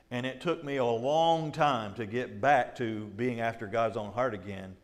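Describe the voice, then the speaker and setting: A man's voice: medium pitch, normal speed, hardly any pauses. A middle-aged male pastor teaching a Bible study in a conversational way, with frequent fillers and repeats, often acting out quoted voices and laughing.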